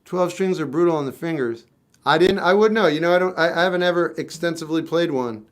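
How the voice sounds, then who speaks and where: A man in his fifties who writes and sings his own songs talks casually on a livestream, fast-talking through comments with blunt, wry, offhand remarks. His pitch is fairly high, and guitar plays behind him.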